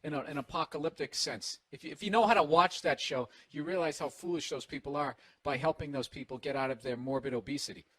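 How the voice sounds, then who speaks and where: A man's voice: a little high, fast talker, hardly any pauses, a bit bright, dry recording. Profane, sarcastic man ranting in a hotel room. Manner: profane, sarcastic, acts out quoted voices. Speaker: podcast host. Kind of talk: casual comedic rant. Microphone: single microphone, no headphones.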